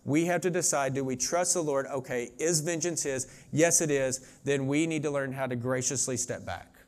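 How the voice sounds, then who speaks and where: A man's voice: mid-range voice, moderate pace. Earnest conversational male preacher. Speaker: pastor. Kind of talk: sermon.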